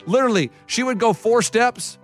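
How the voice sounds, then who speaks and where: Excitable high-voiced sports talk host. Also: male voice, normal speed, faint music behind. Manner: excitable, animated storytelling. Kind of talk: casual sports chat.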